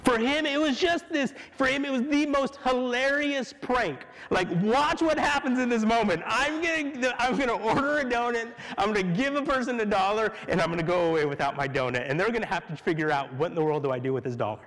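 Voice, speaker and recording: A man preaching a sermon as pastor, telling stories in an animated way with frequent laughs and restarts. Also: extremely high pitch, fairly quick, hardly any pauses. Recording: long reverb of a large hall.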